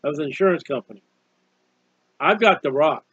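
A man's voice: on the high side, lively intonation, brisk, fairly bright tone, slightly rough, no echo, muffled recording. A man preaching an informal sermon on a psalm, earnest and conversational, often repeating himself. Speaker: street preacher.

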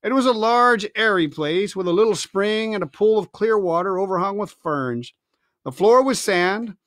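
High-voiced man reading a novel aloud. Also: normal speed, no echo, clean studio sound. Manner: expressive storytelling. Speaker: reader.

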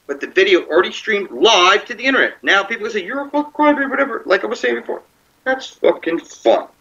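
High, sharp-voiced man ranting from afar. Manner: angry, profane, scornful. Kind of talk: ranting monologue. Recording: distant, muffled recording.

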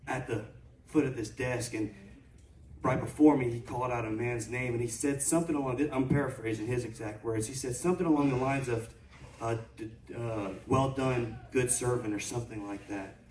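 A man telling a story in a sermon, building up to loud preaching. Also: mid-range voice, a little hiss or hum. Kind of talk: sermon testimony. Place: church sanctuary. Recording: echoey church from far off.

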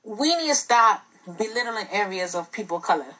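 A woman speaks on a talk show like a teacher, earnest and lecturing. Her voice is slightly husky and mid-pitched, and she leans on rhetorical questions. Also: expressive, brisk, pushed and bright, rough recording. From the Bronx, New York.

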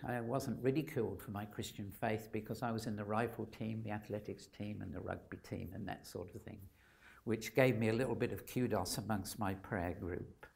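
A man's voice: medium pitch, gravelly, darkish tone. An older man from England giving a personal testimony at a gathering, telling his story in an earnest, candid and reflective way. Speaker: speaker sharing testimony.

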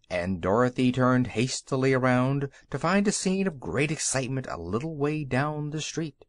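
Expressive male storybook narrator. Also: mid-range voice, no room sound. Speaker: audiobook narrator. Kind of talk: children's audiobook narration.

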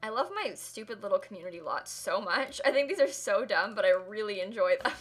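A woman's voice: medium pitch, lively intonation, a little fast. A young woman live-streaming a game build, chatting casually and laughing often as she thanks viewers. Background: faint music and keyboard typing.

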